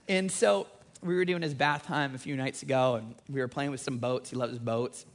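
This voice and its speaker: A man in his thirties preaching a sermon with energetic, conversational emphasis that rises on key points. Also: mid-range voice, moderate pace. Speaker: pastor.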